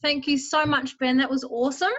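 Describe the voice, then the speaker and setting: A hesitant woman, her voice a bit high, who searches for her words. Her sound is dull and very dry, like video-call audio. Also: flat delivery, brisk, a bit bright, no room sound. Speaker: social worker asking a question. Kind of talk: casual question in a group call.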